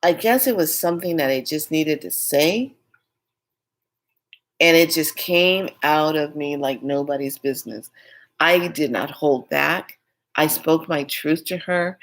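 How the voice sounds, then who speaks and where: A woman's voice: deep voice, unhurried. A woman telling a personal story in a candid, rambling, emphatic way. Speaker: spiritual vlogger.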